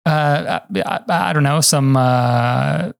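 A man from California co-hosts a podcast in casual talk. He speaks in a low-key, halting way, full of "uh" fillers, and his voice sits somewhat high for a man. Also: creaky. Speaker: podcast co-host. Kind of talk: casual chat.

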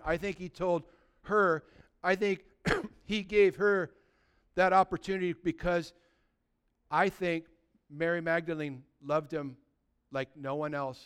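A man preaching a sermon as pastor, animated and conversational, with lots of rhetorical questions, swinging from loud emphasis to hushed tones. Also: fairly high pitch, clean tone.

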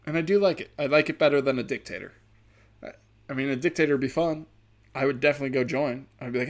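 A man's voice: medium pitch, quick pace. Profane, rambling man ranting. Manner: profane, rambling, darkly sarcastic. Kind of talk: casual comedic rant.

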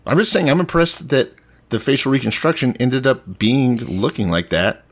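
A man co-hosting a podcast, chatting casually with teasing, deadpan jokes. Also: medium pitch, moderate pace. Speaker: podcast co-host.

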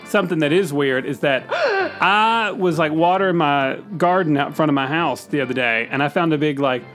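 A man's voice: fairly high pitch, brisk, fairly bright tone, soft background music. A man co-hosting a radio show, chatting loosely with lots of fillers. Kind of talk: comedic banter.

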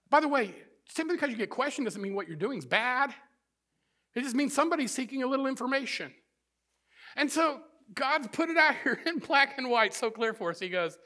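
Male pastor, middle-aged, sermon delivery; emphatic, builds with repetition, high and ringing tone. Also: bright, forceful tone. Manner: emphatic, building repeated phrases.

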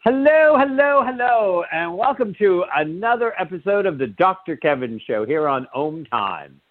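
A man's voice: on the high side, animated, normal speed, no room sound, phone-quality sound. A man hosting a live call-in radio show, joking and rambling with lots of fillers.

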